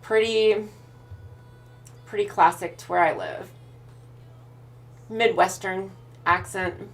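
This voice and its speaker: Streamer lady w/ pacific northwest accent, slow easy talk, bit of vocal fry, quiet music behind. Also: medium pitch. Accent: Pacific Northwest American. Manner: relaxed, thinks aloud with restarts while reading chat. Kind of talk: casual chat answering viewers.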